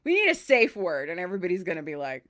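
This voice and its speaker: Lively woman telling stories in casual chat. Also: fairly low pitch, fast talker. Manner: animated storyteller, acts out both sides of the call. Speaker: podcast co-host. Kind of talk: casual chat, retelling a customer service call.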